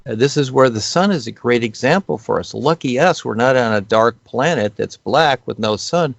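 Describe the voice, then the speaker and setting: Male guest speaker, low gravelly voice, unscripted and rambling, dull lo-fi recording. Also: expressive, normal speed, dry recording. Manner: rambling, many fillers and restarts. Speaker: guest speaker on spiritual topics. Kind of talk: unscripted spiritual explanation.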